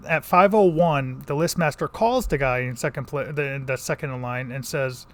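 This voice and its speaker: A vlogger from the Connecticut countryside, with a mid-range voice and moderate pace, tells a long story in a casual vlog. He rambles, restarting often and using plenty of fillers.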